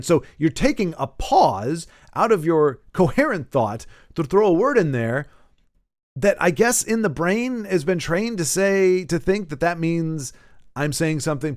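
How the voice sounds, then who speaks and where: A man's voice: fairly high pitch, dry recording, clean studio sound. A man talking alone on a podcast, rambling and emphatic, with frequent restarts and self-corrections. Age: adult who grew up with Nintendo. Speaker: podcast host. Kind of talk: solo podcast monologue.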